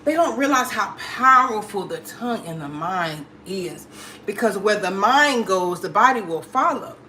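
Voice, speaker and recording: A woman's voice: medium pitch, animated, a little slow, bright, forceful tone, slight background noise. A middle-aged woman hosting a casual live stream, chatty and affectionate, greeting viewers and talking through her opinions with many fillers. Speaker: livestream host.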